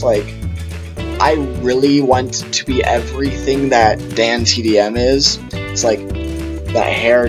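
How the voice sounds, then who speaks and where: A man's voice: mid-range voice, rough recording. A young man vlogging a casual storytime, rambling through tangents and quoting himself in funny voices.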